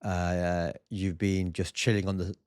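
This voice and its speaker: Deep-voiced teasing man. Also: little pitch movement, unhurried, a little mellow, clean tone, no echo, clean studio sound. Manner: teasing, jokey. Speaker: podcast co-host, comedian. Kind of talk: casual chat. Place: family home.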